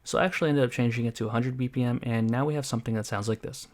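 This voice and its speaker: A man at middle pitch explains music theory in a calm, methodical way. He walks through scales and chords one step at a time, like a patient tutor. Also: racing. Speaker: music production teacher.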